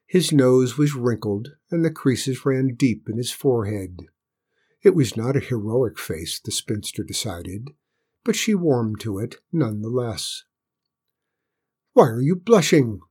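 A man calmly narrating a fairy tale aloud. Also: medium pitch, unhurried, breathy edge. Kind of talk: storybook narration.

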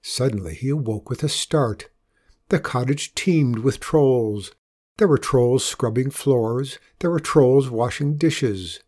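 Man with a dark husky storytelling voice. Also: mid-range voice. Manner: slow, expressive read-aloud delivery. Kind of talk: scripted storybook narration.

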